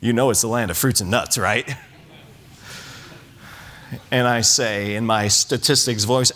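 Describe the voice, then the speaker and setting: Bright-voiced animated preacher man. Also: medium pitch, a little slow. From California. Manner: animated, humorous preaching with frequent restarts. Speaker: pastor. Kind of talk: sermon. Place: church sanctuary.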